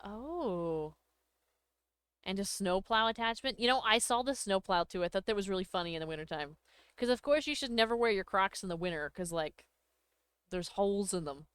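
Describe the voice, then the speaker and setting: Smooth-voiced woman streamer chatting. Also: medium pitch, animated, moderate pace, fairly bright tone, no echo, clean studio sound. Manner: chatty, thanks viewers, laughs often. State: hiccups. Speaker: livestream host. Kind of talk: casual chat with viewers.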